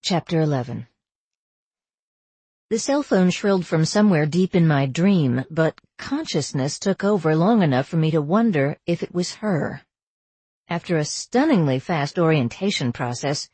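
A woman narrating a first-person novel as an audiobook, in a measured, wry storytelling manner. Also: low voice, lively intonation, dark tone, husky, dry recording.

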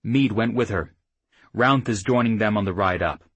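A man voicing a quick-witted, guarded half-orc rider who explains himself carefully. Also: fairly low pitch, fairly bright tone, slightly rough, no echo. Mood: wary.

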